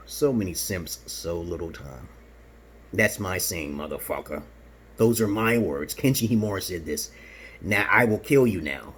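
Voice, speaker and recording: A man's voice: mid-range voice, slightly rough. A man from Brooklyn, New York, rambling through a casual vlog monologue in a boastful, provocative and profane way, tagging "okay?" onto his points. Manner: peppers talk with "okay?". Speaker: vlogger.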